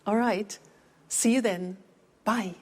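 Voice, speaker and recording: A woman teaching English in a scripted lesson, explaining clearly and patiently and repeating words for practice. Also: mid-range voice, takes it slowly, darkish tone.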